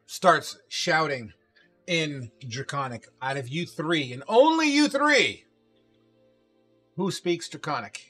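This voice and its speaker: Man, game master narrating, bright tone, slow unhurried delivery, light music underneath. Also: on the high side, sing-song, husky. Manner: loose, laughing asides while narrating.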